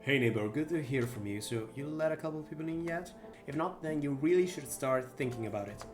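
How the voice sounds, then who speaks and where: A man voicing a relaxed neighbor on the phone, quiet and low. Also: a little fast, over music, lightly acted. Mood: easygoing. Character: laid-back male neighbor giving advice.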